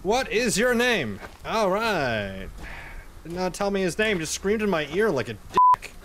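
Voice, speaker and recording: A man's voice: high voice, very animated, measured pace, noisy background. A young man hosting a gaming channel, rambling through a horror game in let's play commentary and yelping and swearing when startled. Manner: rambling, jumpy, yelps and swears at scares.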